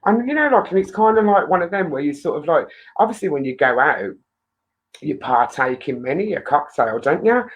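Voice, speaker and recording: A woman's voice: lowish voice, rough recording. A woman hosting a casual live stream, chatting in a rambling way to viewers and laughing often.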